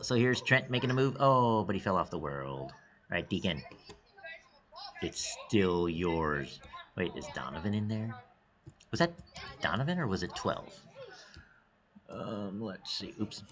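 With a voice on the low side, this esports coach narrates his students' practice session live, full of energy. He reasons aloud in bursts of quick exclamations, now and then sinking into a hushed tone.

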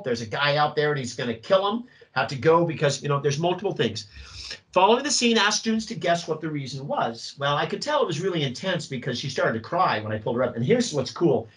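Animated male drama teacher. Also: on the high side, low-quality recording. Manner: animated, acts out student voices. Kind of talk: teacher workshop talk.

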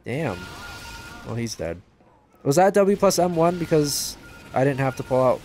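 A man casually commenting on a game livestream and reading chat aloud, joking at his own expense and yelping out loud during play. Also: unhurried, soft background music. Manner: excitable, bursts into high yelps during play; self-deprecating, joking. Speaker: gaming livestreamer.

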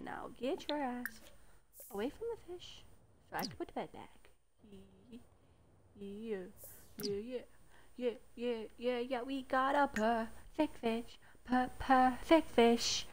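A woman streaming a life-sim game live, cooing over her pet one moment and shouting in mock rage the next, with plenty of swearing. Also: on the high side, takes it slowly, pauses often, faint music behind. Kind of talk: live gameplay commentary.

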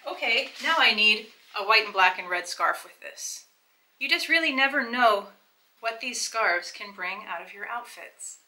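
A woman with a very bright, fairly high voice hosts a casual try-on video. She talks to the viewer in a chatty, enthusiastic way, explaining as she goes. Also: rough recording. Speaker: fashion vlogger. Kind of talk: casual try-on vlog to camera.

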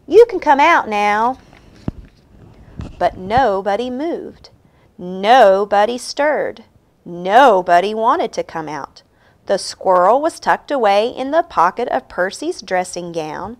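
A woman reading a children's picture book aloud in a slow, expressive, sing-song way. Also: medium pitch. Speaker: storybook reader.

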